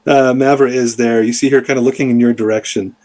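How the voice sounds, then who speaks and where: A man's voice: mid-range voice, fairly even intonation, fast, darkish tone. A man narrating as dungeon master, rambling and full of fillers as he describes the scene. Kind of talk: narrating a tabletop game.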